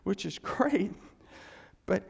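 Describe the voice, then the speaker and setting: A man preaching a sermon in a high, gravelly voice that swings up and down. He acts out quoted voices and drops into hushed asides, and his words ring with the long reverb of a church hall. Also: expressive, slow pace. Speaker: pastor.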